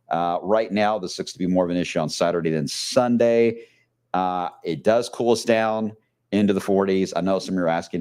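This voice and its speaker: A middle-aged man, a TV meteorologist talking through forecast maps in a casual, rambling way full of fillers, his voice hoarse and fading. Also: deep voice, darkish tone. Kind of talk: live weather blog talk.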